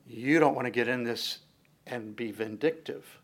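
A man's voice: mid-range voice, normal speed. Man preaching a conversational sermon. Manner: conversational preaching with dramatized asides; frequent fillers and restarts, animated swings in loudness. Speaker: pastor.

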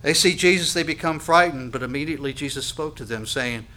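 A man preaching a sermon, emphatic and full of rhetorical questions, swinging from quiet to loud. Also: a little high, fairly quick. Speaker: pastor.

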